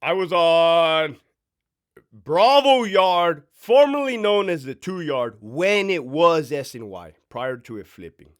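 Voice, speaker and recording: Man in his 30s, former prison sergeant; blunt, profane storyteller, slightly high voice that swings widely in pitch. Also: sing-song, slow pace, clear, resonant tone. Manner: blunt, profane, emphatic, asks rhetorical questions. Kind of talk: casual storytime monologue.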